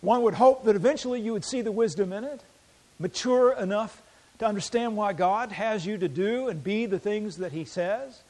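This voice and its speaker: Male pastor, fairly high voice, sermon delivery with dynamic swings between loud and hushed. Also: rough recording. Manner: dynamic, swings from loud emphasis to quiet intensity; reads scripture aloud slowly.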